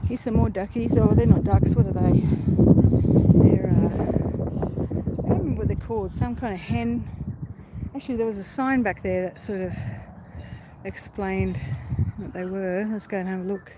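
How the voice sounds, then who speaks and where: Walking outdoors in a park, a woman live-streams on her handheld phone, chatty and wandering off topic easily. Her voice is medium in pitch with fairly even intonation and a moderate pace; faint background noise from outside can be heard.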